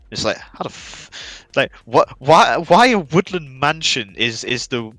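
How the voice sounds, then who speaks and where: Brief: streamer guy, rambling and profane, bright tone, dry close mic. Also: mid-range voice, big pitch swings, a little slow, hardly any pauses, dry recording. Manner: rambling storytelling, frequent profanity. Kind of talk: casual chat.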